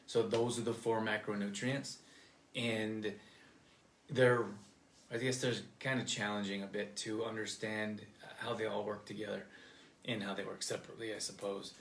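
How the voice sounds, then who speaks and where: A man with a lowish voice talks casually on a live stream, explaining as he goes and often circling back to restart a sentence. The room is echoey. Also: a bit bright, a little hiss or hum. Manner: loose, rambling explanations with restarts. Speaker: co-host of a live nutrition show.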